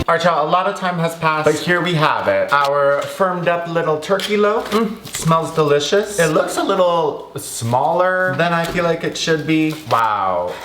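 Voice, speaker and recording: A man's voice: on the high side, a bit bright, reverberant, a little hiss or hum. A man chatting casually through a home cooking vlog, laughing often and calling his viewers y'all. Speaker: cooking vlogger. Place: home kitchen.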